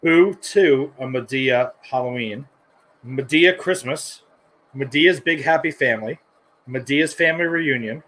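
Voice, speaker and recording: A man in his thirties co-hosts a podcast, laughing and swearing his way through jokes in casual banter. His mid-range voice is a bit bright and a little slow, and the recording is low quality.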